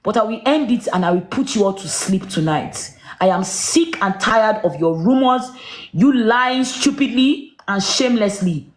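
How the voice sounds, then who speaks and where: A woman ranting on a livestream, shouting accusations and rhetorical questions at someone. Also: medium pitch, animated, normal speed, echoey room. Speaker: social media livestreamer. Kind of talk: angry live-stream rant.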